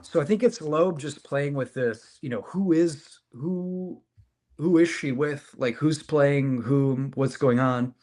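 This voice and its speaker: Wry, relaxed male podcast co-host. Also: on the high side, takes it slowly. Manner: relaxed, wry, thinks aloud with fillers. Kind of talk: casual comic book discussion.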